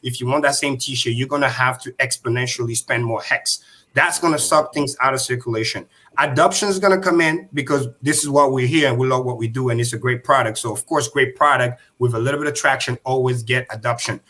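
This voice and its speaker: Emphatic bright-voiced male stream host. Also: medium pitch, steady tone. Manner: emphatic, repeats points slowly. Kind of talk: livestream crypto talk.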